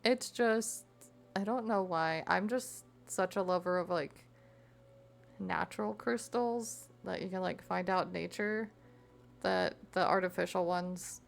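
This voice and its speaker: A woman's voice: lowish voice, measured pace, creaky. A young woman streamer chatting casually with her viewers while crafting, reading chat aloud and giggling often.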